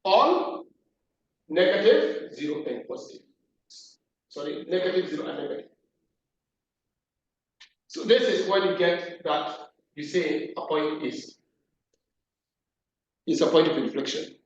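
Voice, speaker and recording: A man's voice: on the high side, expressive, measured pace, pauses often. A man teaching a maths class at the board, repeating key terms and asking the class questions. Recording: echoey room, distant lo-fi mic.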